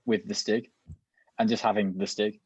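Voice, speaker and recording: Joking podcast host, husky and dry. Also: male voice, fairly low pitch, little pitch movement, dry recording. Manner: jokey, laughs often, quick tangents. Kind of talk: casual chat. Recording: dull lo-fi, dry room.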